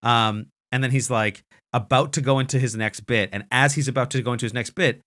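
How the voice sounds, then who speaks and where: Bright-voiced rambling male podcast host. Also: mid-range voice, steady tone, brisk. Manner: rambling, lots of fillers and restarts. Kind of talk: casual chat, storytelling.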